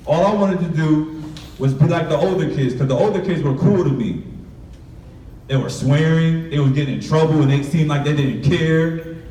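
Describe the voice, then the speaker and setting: Addressing students, a young male author with a warm, slightly high voice tells his personal story at a normal speed. His storytelling is candid and street-inflected, and he acts out quotes from people in his past, all captured from far off in an echoey room as part of a motivational talk.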